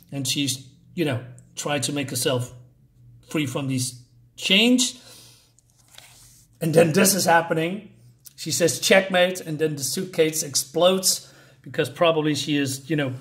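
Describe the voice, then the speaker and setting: A man with a fairly high voice reviews a comic book casually, reading the panels aloud. He rambles, using lots of fillers and restarts, and gushes over the artwork.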